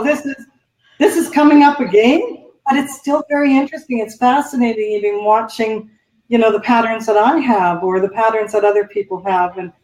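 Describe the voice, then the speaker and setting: A woman coach speaks as an interview guest, explaining things thoughtfully in a slightly high voice. She sounds set back from the mic in a roomy, echoing space. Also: a little mellow, distant mic. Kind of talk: conversational interview.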